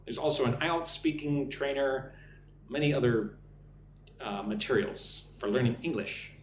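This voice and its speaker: A man in his thirties from the United States with an American accent, teaching English on a live stream, reading chat comments aloud and drilling pronunciation slowly. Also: mid-range voice. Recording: echoey room with faint noise.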